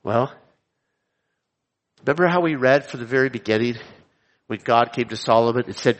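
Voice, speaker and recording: A man preaching an expository sermon. He reads scripture and explains it emphatically, repeating key phrases and slowing down to stress them. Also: medium pitch. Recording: long reverb of a large hall.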